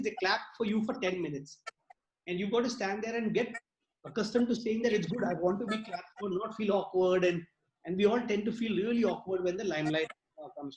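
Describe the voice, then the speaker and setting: A man's voice: high-pitched, a little mellow, roomy sound, a little hiss or hum, poor audio. A man giving a workshop lecture, explaining ideas through acted-out example sentences and dropping his voice for commands. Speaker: workshop speaker.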